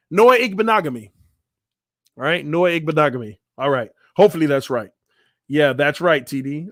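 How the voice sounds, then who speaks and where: A man's voice: on the high side, fairly bright tone, dry recording, studio quality. A man hosting a casual live-stream, reading viewer comments aloud, laughing and joking as he stumbles over names. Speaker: channel host.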